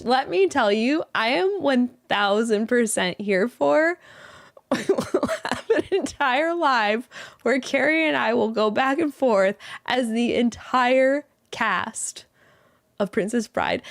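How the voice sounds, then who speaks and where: A hoarse woman with a fairly high voice, hosting a casual live stream and speaking slowly. She giggles often and keeps clearing her throat as her voice comes back. The sound is dry and close. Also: no room sound. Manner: giggly, breaks into laughter often; clears her throat and coughs now and then. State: hoarse, recovering from a lost voice. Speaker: yarn shop live stream host.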